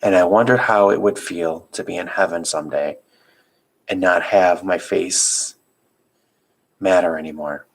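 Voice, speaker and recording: Low-voiced man reading a novel aloud. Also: measured pace, pauses often, poor audio. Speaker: reader.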